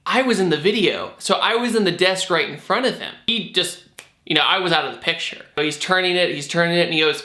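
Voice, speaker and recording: A young man telling a storytime vlog, animated and acting out the people in it. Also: fairly high pitch, fairly quick. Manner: animated, acts out quotes. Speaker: vlogger. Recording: echoey room.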